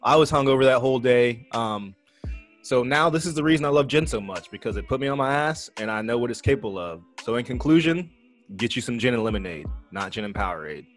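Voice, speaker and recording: A young man with a medium voice tells a rowdy party story on a casual podcast. He talks loosely, swears freely and laughs at his own mishaps. Soft music plays faintly in the background. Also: medium pitch, quick pace. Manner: animated, profane, laughing through a party story. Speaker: podcast co-host.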